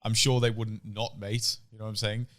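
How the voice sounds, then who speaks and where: A young man co-hosting a podcast tells crude stories during a casual chat, animated and swearing heavily. His voice is lowish and his pace brisk.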